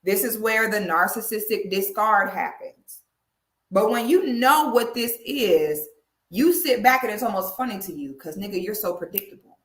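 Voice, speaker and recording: A woman's voice: medium pitch, animated, normal speed, a bit bright. A woman host giving blunt, slangy reaction commentary. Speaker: show host. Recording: echoey room.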